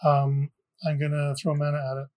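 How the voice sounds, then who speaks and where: A man playing a tabletop game, giving quick, matter-of-fact answers to the game master. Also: fairly high pitch, completely flat delivery, darkish tone. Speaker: player.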